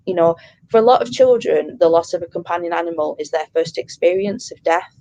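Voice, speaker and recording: A woman in her thirties, a pet bereavement counsellor, talking earnestly and warmly in an interview, with many fillers and restarts. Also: on the low side, lively intonation, fairly quick, low-quality recording. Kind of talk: interview conversation.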